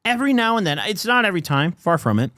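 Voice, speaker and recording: A man's voice: high-pitched, fast, dry recording, clean studio sound. A young man in his twenties, a podcast host telling a story in a casual, profane way. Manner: animated, profane, heavy use of "like".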